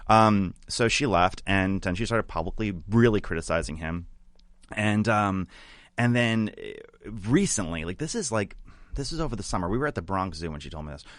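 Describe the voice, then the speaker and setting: A man's voice: on the low side, animated, moderate pace, a bit bright, dry recording, clean studio sound. A man as a podcast guest, telling a story in a chatty, gossipy way with many fillers. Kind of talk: casual storytelling chat.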